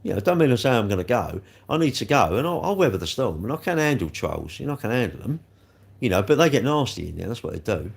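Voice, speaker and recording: A man's voice: medium pitch, very animated, quick pace, creaky, husky. A man streaming live, rambling and repeating himself as he talks straight to viewers about their comments. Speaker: livestreamer.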